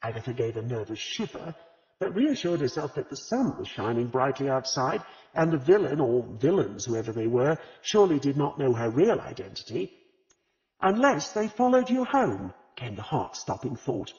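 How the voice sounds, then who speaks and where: A man narrating an audiobook in an expressive storytelling manner. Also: mid-range voice, normal speed. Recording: reverberant, slightly dull audiobook recording.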